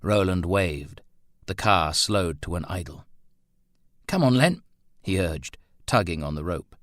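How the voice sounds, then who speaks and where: A man reads a thriller audiobook in a measured, steady way. His voice sits low. The sound is dry and close. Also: no echo. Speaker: narrator. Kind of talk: audiobook narration.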